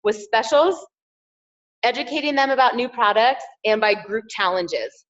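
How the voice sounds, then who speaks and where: A woman's voice: fairly high pitch, expressive, measured pace, a bit bright, dull audio. A woman giving an upbeat motivational training talk as a team trainer, encouraging her listeners and repeating key phrases.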